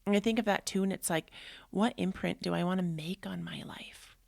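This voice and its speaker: A woman's voice: fairly low pitch, fairly quick, gravelly, dry recording, studio quality. A woman in her thirties hosting a personal podcast, talking in a heartfelt, rambling way with many fillers. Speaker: podcast host. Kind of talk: casual personal podcast monologue.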